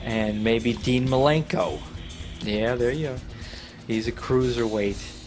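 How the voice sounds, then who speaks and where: A man streaming a wrestling video game, reacting loudly and swearing as he plays. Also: mid-range voice, slow pace, over music. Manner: excitable, swearing, trash-talking the game. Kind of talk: profane live gameplay commentary.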